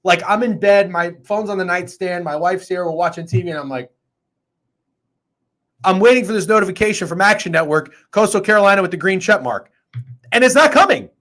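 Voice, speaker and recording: A man hosting a sports betting show, talking in an excitable, profane, rambling way. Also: high-pitched, fairly quick. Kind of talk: casual sports betting chat.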